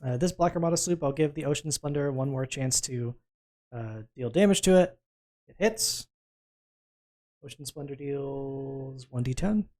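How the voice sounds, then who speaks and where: A man's voice: mid-range voice, dark tone. A man acting as game master, calling for dice rolls and narrating what happens. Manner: brisk, calls for dice rolls and narrates results.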